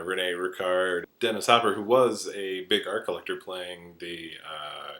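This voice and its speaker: Low-voiced, chatty male podcast host. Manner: chatty and animated, with bursts of laughter and many "uh"s. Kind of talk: casual film commentary.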